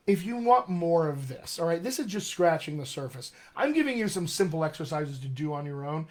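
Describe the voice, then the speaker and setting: A man working as a dialect coach, giving an upbeat, persuasive live-streamed talk to actors and often checking in with "all right?". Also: on the high side.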